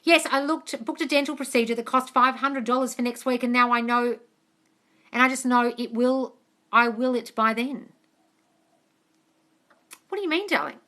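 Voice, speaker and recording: Bright, blunt Australian woman coach. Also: a little high, moderate pace, pauses often. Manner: blunt, sweary and affectionate, calls viewers darling. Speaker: manifesting coach on a live stream. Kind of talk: casual live Q&A, reading viewer comments.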